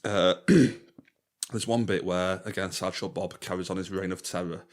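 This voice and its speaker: A man's voice: sits low, steady tone, normal speed. A man co-hosting a podcast, chatting casually and retelling funny scenes with frequent laughter. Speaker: podcast co-host. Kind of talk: casual chat.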